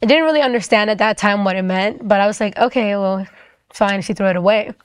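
A young woman recounts a personal testimony in a chatty, fast way, filling her sentences with "like." Her voice is mid-pitched, and the recording is dry and close. The delivery is casual and conversational throughout. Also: clear, resonant tone, dry recording. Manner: quick, chatty, full of "like" fillers. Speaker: storyteller sharing a personal faith testimony.

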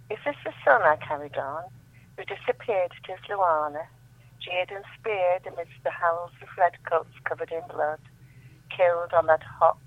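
A woman on the phone reading her poems aloud with measured, emphatic delivery. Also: low voice, no room sound. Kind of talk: poetry reading over the phone. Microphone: telephone. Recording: tinny dry phone line.

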